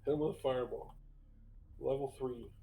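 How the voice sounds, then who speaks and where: Male player, gravelly voice, playful and upbeat. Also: mid-range voice, fairly even intonation, moderate pace, dark tone. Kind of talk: casual chat.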